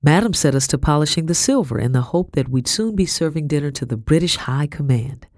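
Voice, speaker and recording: A woman narrating a first-person historical novel as an audiobook, with expressive, steady storytelling on a close studio mic. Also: sits low, a little fast, dry recording.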